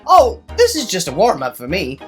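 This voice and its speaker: A woman's voice: lowish voice, wildly swooping pitch, normal speed, soft background music. A woman voicing a boastful male cowboy painter in a put-on Wild West accent.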